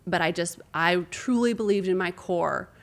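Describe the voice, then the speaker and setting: A woman's voice: on the low side, moderate pace, vocal fry. A woman sports broadcaster, a guest in an interview, telling a candid, emotional story and acting out the conversations she recalls.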